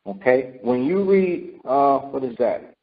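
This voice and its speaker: A man with a mid-range voice and lively intonation teaches scripture slowly. His sermon style is repetitive, peppered with "right?" and "okay?" to draw responses, and the lo-fi audio is dull.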